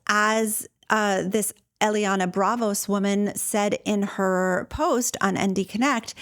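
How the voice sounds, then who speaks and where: A woman hosting a solo podcast about ADHD, talking in a casual, earnest and personal way, with fillers and restarts. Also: medium pitch. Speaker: podcast host and ADHD coach.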